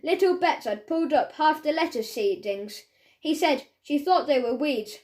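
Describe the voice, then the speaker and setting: A woman reads a children's storybook aloud with clear, steady narration. Her voice sits high. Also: moderate pace. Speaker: audiobook narrator.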